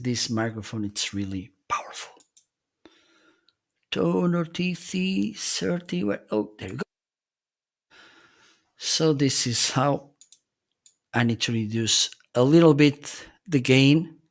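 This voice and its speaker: A man's voice: mid-range voice, lively intonation, slow pace, pauses often. A man hosting a live stream, giving a casual product demo of desk microphones and often checking in with "okay?". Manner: chatty, keeps checking in with "okay?". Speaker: live-stream host reviewing gear. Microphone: desk USB microphones being tested.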